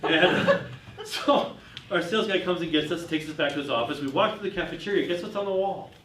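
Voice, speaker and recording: A man's voice: fairly high pitch, animated, a little fast, fairly bright tone. A man giving a workshop talk to an audience, telling anecdotes and putting questions to the room. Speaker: business speaker. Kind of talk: workshop talk with told stories. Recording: roomy, far from the mic, faint noise.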